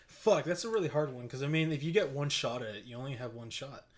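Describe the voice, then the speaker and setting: A man's voice: mid-range voice, fast talker. A young man co-hosting a casual chat podcast, swearing freely and rambling through stories while acting out other people's lines. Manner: crude, rambling storyteller who acts out other people's lines. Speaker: podcast co-host.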